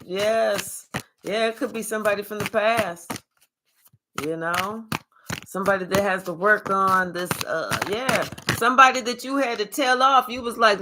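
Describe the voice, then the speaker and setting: A woman doing a live tarot reading, talking in a sassy, profane, animated way and chatting with her viewers. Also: mid-range voice, normal speed. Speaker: tarot reader.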